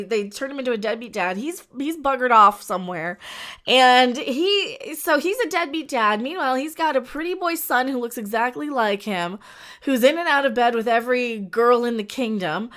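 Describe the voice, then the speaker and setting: A woman's voice: on the high side, expressive, moderate pace, fairly bright tone. A woman co-hosting a livestream, ranting sarcastically in casual chat with lots of restarts. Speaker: livestream co-host.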